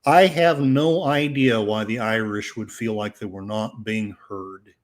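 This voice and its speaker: A man's voice: on the low side, measured pace. Sarcastic older man rambling over headlines. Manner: sarcastic, rambling, with frequent fillers. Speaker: podcast host. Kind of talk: casual commentary reading headlines.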